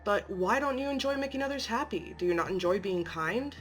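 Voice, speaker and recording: Woman doing a concerned doctor, gentle and questioning, faint music behind. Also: mid-range voice, lively intonation, fairly quick, close to an everyday voice. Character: concerned, earnest facility doctor. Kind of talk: amateur story reading.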